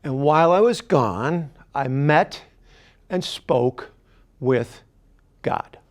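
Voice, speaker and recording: A middle-aged man doing storytelling stand-up comedy, deadpan, dropping at times to a whisper. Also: on the high side, drawn-out words. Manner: deadpan, animated, drops to whispers.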